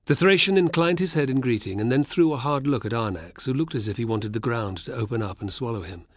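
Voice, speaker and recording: A man with a medium-pitched voice reads scripted audiobook narration in a measured, even manner. The recording is clean studio sound with no echo.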